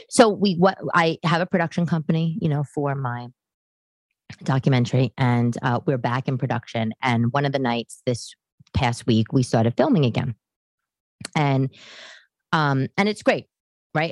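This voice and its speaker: A woman in her forties hosting a podcast from her living room, talking in a casual monologue that turns animated and emphatic, ranting with many restarts. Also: a bass voice, dry recording. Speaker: podcast host.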